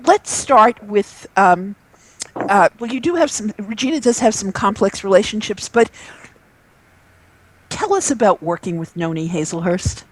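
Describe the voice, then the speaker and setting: A woman's voice: medium pitch, animated, unhurried, husky, poor audio. A woman hosting a live video chat, talking with many hesitations and fillers. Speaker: host. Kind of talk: casual chat. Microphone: video call.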